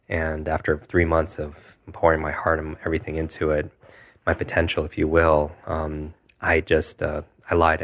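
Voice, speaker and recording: A man in his forties, a guest telling a personal story in an earnest, reflective way, often pausing with fillers. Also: rumbling low, completely flat delivery, creaky, fairly bright tone. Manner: earnest, reflective, with frequent hesitations and filler words.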